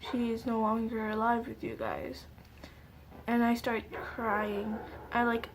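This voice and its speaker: A young woman recounts a painful memory to her camera, pausing often and leaning on fillers as she goes. Her voice sits fairly high but stays flat and narrow in pitch. A faint hiss runs under the recording. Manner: halting, tearful retelling with many fillers. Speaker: vlogger. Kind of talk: emotional storytime vlog.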